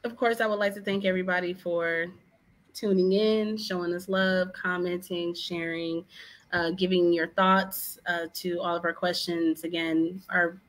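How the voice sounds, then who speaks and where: A woman's voice: lowish voice, little pitch movement, measured pace, fairly bright tone. A woman who created the podcast, thanking listeners and listing things off in a casual sign-off.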